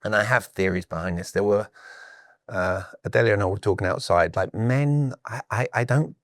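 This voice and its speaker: British man telling lively stories. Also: on the low side, normal speed, no echo. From Britain. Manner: animated storyteller who acts out quoted exchanges. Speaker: sales coach and guest. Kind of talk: casual podcast conversation.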